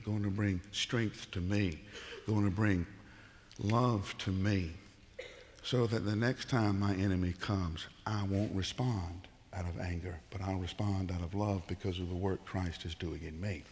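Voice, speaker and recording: A male pastor giving a conversational sermon, rising into loud emphatic bursts and dropping to low, quiet tones. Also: unhurried, long reverb tail.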